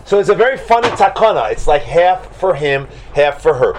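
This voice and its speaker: A man teaching a Talmud class to students, asking them question after question in an animated way. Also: on the high side, normal speed, faint music behind. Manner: animated, questioning, mixes Hebrew and Aramaic terms.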